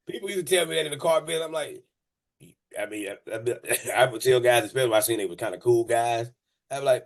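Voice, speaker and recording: A man's voice: mid-range voice, quick pace. A man who runs a moving company tells a story on a casual podcast. He swears freely, stumbles over repeated words and laughs in the middle of it. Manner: animated, profane, laughs mid-story; many restarts and repeated words.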